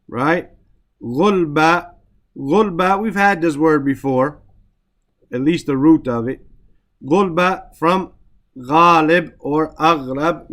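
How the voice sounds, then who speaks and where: A man's voice: a little high, fairly bright tone. Man teaching Quranic Arabic word by word. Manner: explains word by word, recites Arabic verses quickly, repeats terms. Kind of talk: Quran vocabulary lesson.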